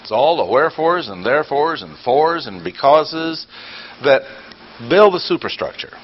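An older man, a preacher or Bible teacher, gives a teaching sermon in a fairly high, sing-song voice at a moderate pace. He fires off rhetorical questions, breaks into bursts of emphasis, and slips in dry, sarcastic asides. The audio is dull and lo-fi with faint noise.

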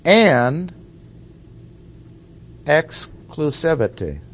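A man preaching a teaching sermon, explaining word meanings slowly and deliberately and asking rhetorical questions. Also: fairly high pitch, very animated. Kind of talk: sermon teaching on Bible language.

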